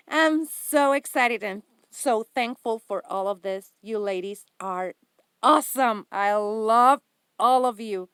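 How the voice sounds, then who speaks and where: A woman's voice: a little high, fairly bright tone, clear, resonant tone, no echo, studio quality. A woman hosting a craft haul vlog, gushing and giggling with enthusiasm over each item. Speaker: craft channel host.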